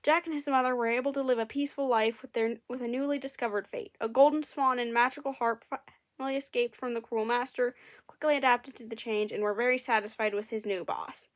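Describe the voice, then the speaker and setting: Her voice sits on the high side, with a steady tone and a brisk delivery. She reads a fairy tale out loud and pauses between sections for dry, amused commentary, giving the story a comedic feel with wry asides.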